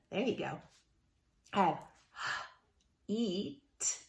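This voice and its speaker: A woman teacher giving a remote phonics lesson to young children, sounding words out slowly and encouraging them. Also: mid-range voice, very animated, vocal fry, echoey room.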